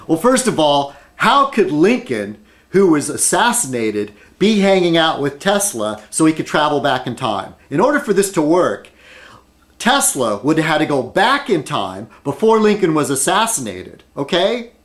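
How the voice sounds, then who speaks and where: A man's voice: fairly high pitch, big pitch swings, normal speed, fairly bright tone. A man rambling at his desk in an opinion video blog, arguing with many rhetorical questions and fillers. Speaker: video blogger.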